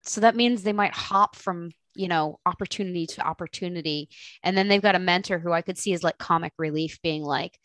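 A woman co-hosting a casual chat, playful and quick to joke. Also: fairly low pitch, a bit bright. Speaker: co-host.

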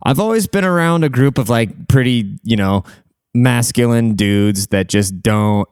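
A man's voice: mid-range voice, a little slow, darkish tone, clear, resonant tone, dry recording, studio quality. A young man telling stories in a casual, crude and profane way, rambling and full of fillers. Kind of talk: casual storytelling.

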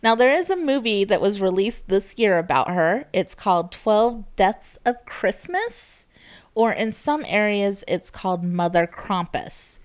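A woman's voice: mid-range voice, lively intonation, measured pace. A woman hosting a casual podcast, telling folklore with a playful, laughing manner. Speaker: podcast host.

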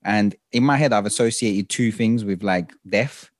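A man's voice: on the low side, normal speed. A young man co-hosting a podcast, chatty and jokey, telling stories in a casual chat. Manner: chatty, jokey, animated storyteller. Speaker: podcast co-host.

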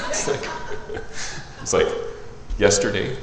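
A man preaching a sermon as a pastor, animated and conversational, acting out the voices of the people he quotes. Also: moderate pace, echoey room, a little hiss or hum, low-quality recording. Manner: animated, acts out quoted voices in a higher pitch.

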